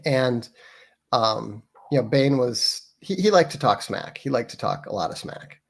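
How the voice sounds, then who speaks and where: Man in a halting, wry chat. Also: mid-range voice, animated, vocal fry. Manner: halting, many fillers and restarts, wry. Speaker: podcast guest. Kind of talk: casual interview chat.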